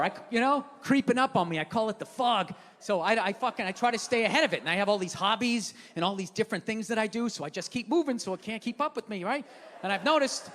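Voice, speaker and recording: A man in his fifties performing a profane stand-up rant, chatty and swearing, building to shouted punchlines on a live stage. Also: high voice. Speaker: stand-up comedian. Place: live comedy venue stage. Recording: reverberant live venue, audience noise. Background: audience laughter.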